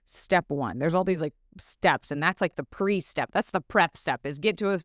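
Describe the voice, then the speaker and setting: A woman's voice: on the low side, normal speed, fairly bright tone, dry recording. A woman guest on a podcast, talking frankly and expressively, swearing freely and acting out her inner dialogue. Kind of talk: casual interview chat.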